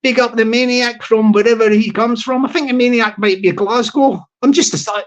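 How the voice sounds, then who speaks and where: A man's voice: extremely high pitch, fairly even intonation, normal speed. A man hosting a casual livestream, rambling and jokey, laughing often and restarting his sentences. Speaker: channel host.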